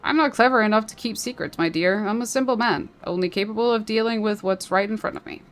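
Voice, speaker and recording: A woman's voice: mid-range voice, quick pace, lightly acted. Woman reading as a plain-spoken veteran gladiator. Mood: earnest.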